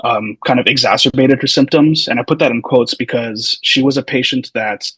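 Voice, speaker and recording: This podcast guest, a physical therapy student in his thirties, spins casual stories in a loose, meandering way full of hedging asides. His mid-range voice is slightly husky and moves at a moderate pace. The audio is poor, recorded close and dry with no echo or room sound.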